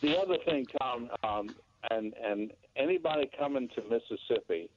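A man's voice: medium pitch, normal speed, background noise. An older man calling into a radio show, rambling and hunting for words as he chats. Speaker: radio caller. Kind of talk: call-in chat. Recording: tinny phone line.

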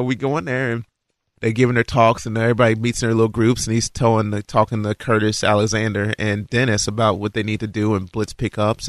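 Man from Kentucky, former player, low-pitched, dry recording, animated storyteller, casual fillers. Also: no room sound. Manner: lively storyteller who acts out quotes, frequent fillers. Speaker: former college and pro football player. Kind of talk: casual anecdote telling.

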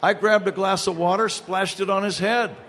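An older man tells a comic story as a guest, laughing through the punchlines. His voice sits high for a man. A faint hiss of noise lies under it. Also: steady tone, normal speed, fairly bright tone. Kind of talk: storytelling anecdotes.

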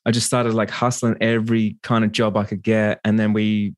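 A man hosting a casual podcast, telling a relaxed story about his business. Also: on the low side, moderate pace, dry recording, studio quality.

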